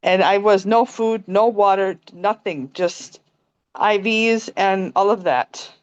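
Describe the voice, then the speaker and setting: A young woman talks gently and calmly, laughing lightly as she shares a personal story on a video call. Her voice is smooth and resonant. The sound is dry and close, slightly dull, as from a phone camera. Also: mid-range voice, slow pace, dry recording. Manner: calm, gentle, laughs often. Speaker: meditation participant sharing a story. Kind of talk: casual spoken testimony on a video call.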